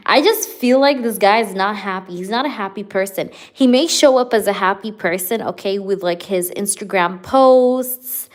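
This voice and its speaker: A woman's voice: mid-range voice, moderate pace, hardly any pauses. Chatty young woman reading tarot live. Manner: chatty, filler-heavy, talks straight to viewers. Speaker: tarot reader.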